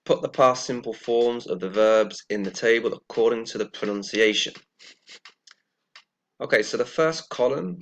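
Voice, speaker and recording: A man gives a pronunciation lesson, talking at an unhurried, measured pace. His voice has a gravelly, creaky edge, and he repeats each example word carefully so it can be heard clearly. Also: mid-range voice. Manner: slow and deliberate, repeating words carefully. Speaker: English teacher.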